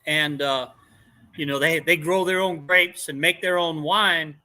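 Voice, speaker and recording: Bright-voiced laughing storyteller man. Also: a little high, unhurried. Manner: laughs often, animated storyteller. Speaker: guest in a chat. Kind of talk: casual storytelling chat.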